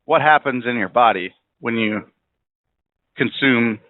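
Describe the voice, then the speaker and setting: A man's voice: mid-range voice, a little slow, dry recording. A man hosting a podcast, rambling bluntly and swearing freely while driving in a car. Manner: rambling, profane, blunt opinions. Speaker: podcast host. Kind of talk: casual monologue. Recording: tinny phone-like audio.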